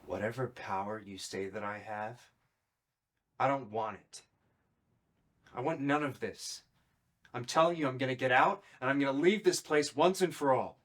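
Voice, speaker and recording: A man's voice: mid-range voice, moderate pace, long pauses, a bit bright, close to an everyday voice. An actor playing a troubled young man in a horror film, speaking tensely and defiantly.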